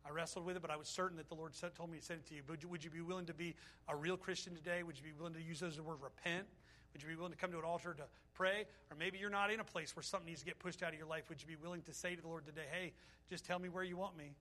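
A middle-aged male pastor with a high, bright voice preaches a fervent sermon. His delivery is full of feeling and eases into a quieter, softer tone when he prays. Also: fairly even intonation, racing. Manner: fervent preaching, then soft prayer.

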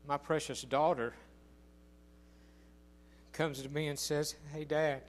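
Older male preacher, slightly high voice, slow, folksy and emphatic. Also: fairly even intonation. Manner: folksy storytelling with emphatic, drawn-out phrases. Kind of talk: sermon.

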